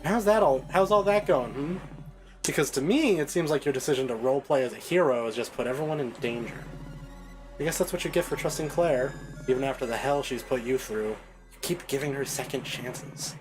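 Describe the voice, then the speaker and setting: A sarcastic mirror-image young woman who picks apart her other self, as a man voices her on stream. The taunting is dry and mocking at a mid pitch. Game music plays clearly underneath. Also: a little fast, natural voice, low-quality recording. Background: game soundtrack music.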